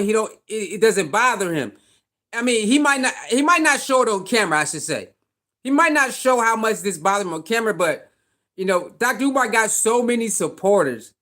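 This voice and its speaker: A man's voice: high voice, a bit bright. A man hosting casual commentary, talking back to a clip in a loose, conversational way. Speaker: commentary host.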